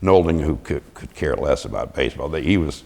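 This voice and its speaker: A man's voice: extremely low pitch, animated, brisk, creaky, darkish tone, big-room sound. An older man, a veteran, telling chuckling anecdotes in an oral history interview and acting out the voices he quotes.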